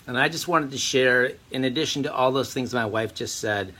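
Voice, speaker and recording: A man of medium pitch speaking sincere, encouraging words to a friend. His delivery is plain and heartfelt. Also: moderate pace, bright, forceful tone, breathy edge. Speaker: friend giving a birthday tribute. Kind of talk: heartfelt recorded message.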